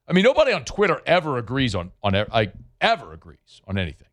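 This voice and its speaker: A middle-aged man hosting a sports talk radio show from a studio, talking in an animated, emphatic way that swings up and down. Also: medium pitch, fast.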